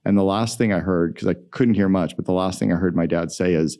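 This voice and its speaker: A middle-aged man, a guest entrepreneur, telling stories in an energetic, emphatic way in a podcast interview. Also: deep voice, brisk.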